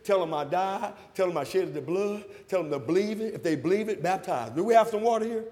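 Preacher in his sixties, high voice, rapid fervent delivery, reverberant church hall. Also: lively intonation. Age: 60s. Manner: fervent, rising to shouts, calls and responses with the congregation. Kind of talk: sermon. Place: church sanctuary.

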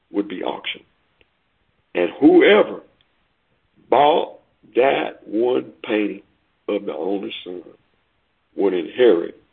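A man voicing a solemn male auctioneer who speaks in a grave, measured way. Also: fairly low pitch, gravelly, breathy edge, recorded from a distance, heavily acted. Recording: tinny phone-like recording.

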